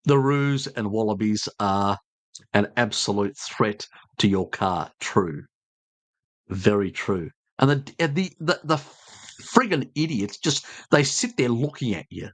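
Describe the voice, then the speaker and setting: A Tasmanian man hosting a live stream replies to chat in a casual, blunt, joking manner that wanders and is thick with fillers. He's Australian, with a low-ish, expressive voice, a slow pace, and no echo on the audio.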